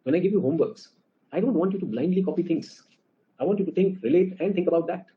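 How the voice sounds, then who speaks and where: A man with an Indian English accent teaching a class, lively and often asking the students questions. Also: sits high, quick pace, narrow, tinny audio. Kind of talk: classroom lecture.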